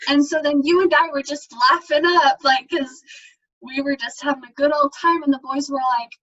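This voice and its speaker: A woman's voice: high-pitched, steady tone, normal speed, a bit bright. A young woman co-hosting a casual chat, jokey and giggling often. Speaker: podcast co-host. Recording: dull lo-fi recording.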